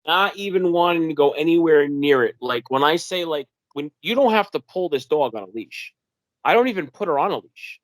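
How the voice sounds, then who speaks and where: A young man from New York telling a wilderness story in an animated way, acting out the voices of the people in it and using lots of fillers. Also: a little high, a little fast, no echo. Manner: animated, acts out quoted dialogue in a raised voice, many fillers. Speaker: guest telling his encounter. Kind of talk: casual storytelling interview.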